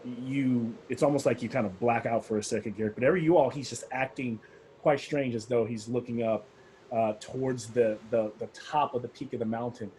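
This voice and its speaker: A man's voice: mid-range voice, steady tone, a little fast, darkish tone, a little hiss or hum, rough recording. A man narrating a tabletop game as game master, with a rambling, hesitant delivery full of fillers.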